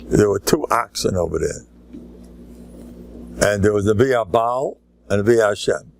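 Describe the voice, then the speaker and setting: Older man, rabbi, american lakewood accent, gravelly, joking, animated lecture. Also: on the low side, measured pace, slight background noise. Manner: joking, animated, mixes Yiddish and Hebrew words. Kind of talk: humorous Torah lecture.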